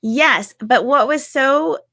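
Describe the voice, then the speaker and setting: A woman author in casual conversation, curious and quick to laugh as she asks questions. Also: high voice. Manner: warm, curious, laughing often.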